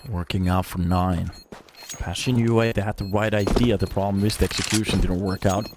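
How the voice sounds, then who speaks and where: A man giving solo play-by-play commentary on a live esports match. He chats with viewers between calls and breaks into loud, excited shouts on big plays. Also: low voice, a little fast. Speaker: esports caster. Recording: streamed commentary with steady background noise.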